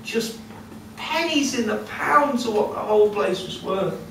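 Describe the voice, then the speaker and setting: Lively male storyteller in an echoey room. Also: sits high, measured pace, creaky, recorded from a distance. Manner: lively, conversational, with asides to the audience. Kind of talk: live folk-tale telling. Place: storytelling cafe. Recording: echoey room heard from afar with noise.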